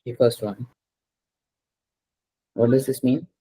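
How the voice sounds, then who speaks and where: A man's voice: medium pitch, steady tone, slow pace, dark tone, husky, rough recording. A man teaching a French class, patiently drilling pronunciation and slipping into Hindi.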